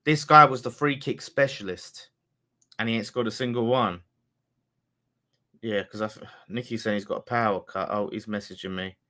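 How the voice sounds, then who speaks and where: Chatty blunt football fan host. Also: male voice, mid-range voice, normal speed, long pauses, pushed and bright. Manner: rambling, chatty, blunt, swears freely. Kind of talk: casual live-stream chat.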